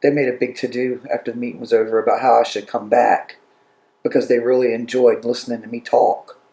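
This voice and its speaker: Man, gravelly voice, flat even delivery, plain storytelling. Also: mid-range voice, brisk. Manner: plain storytelling, country-spoken. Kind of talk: casual interview answer.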